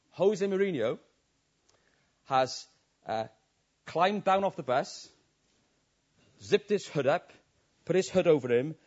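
A man's voice: a little mellow, slightly rough, dull audio. A man preaching a passionate sermon, his voice swelling and dropping. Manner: impassioned, rising and falling in pitch and volume.

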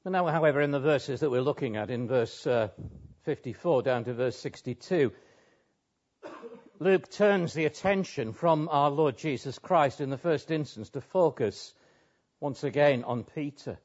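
A man's voice: medium pitch, normal speed, a little mellow. A man preaching an expository sermon in an earnest, emphatic way, pressing key words with rising and falling emphasis. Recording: dull lo-fi sound.

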